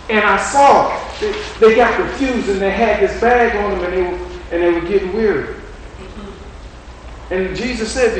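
A man preaching a sermon in a conversational style, repeating his phrases and swinging between loud and quiet. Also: high-pitched, normal speed, slight background noise. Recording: echoey room from a distant mic.

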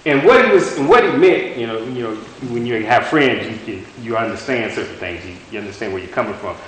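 A man preaching a sermon in a folksy, halting way, often restarting and repeating words, and putting rhetorical questions to his listeners. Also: medium pitch, lively intonation, fairly bright tone. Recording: very echoey room with faint hiss.

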